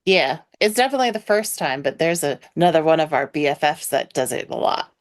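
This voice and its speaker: A woman's voice: low voice, lively intonation, quick pace. A woman co-hosting a podcast in casual chat, talking with gushing fan enthusiasm. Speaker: podcast co-host.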